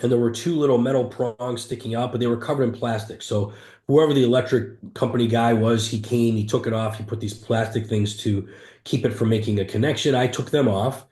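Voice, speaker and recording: A man's voice: mid-range voice, fairly even intonation, fairly quick, a little mellow. A man, an entrepreneur guest, candidly retelling a hard stretch of his life in an interview, earnest and emphatic with frequent restarts. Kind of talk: candid personal storytelling in an interview. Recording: roomy echo.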